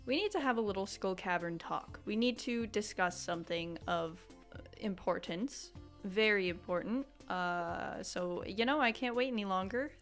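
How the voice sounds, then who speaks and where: A young woman giving casual, excitable let's-play commentary, dramatic and prone to shrieking outbursts. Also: medium pitch, normal speed, faint music behind. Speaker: gaming YouTuber.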